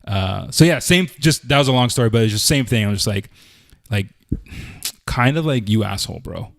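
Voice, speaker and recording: Here a Canadian man's mid-range voice carries lively intonation at a normal pace as he co-hosts a casual podcast, spinning a loose story stuffed with "like" and "I'm like." It's a clean studio recording with no room sound.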